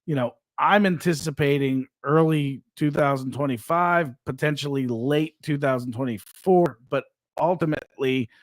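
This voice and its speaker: A man with a fairly high voice co-hosts a live studio podcast and promotes coming events with upbeat hype. The recording is dry and close. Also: moderate pace, few pauses, dry recording. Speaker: podcast co-host and fight promoter. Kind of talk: casual live podcast chat.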